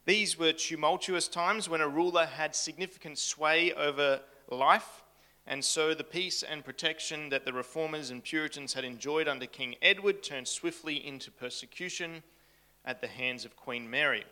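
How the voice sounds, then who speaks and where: A man's voice: on the high side, normal speed, pushed and bright. A man giving a casual history talk to a live audience in a room, chatty and full of joking asides. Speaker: camp speaker.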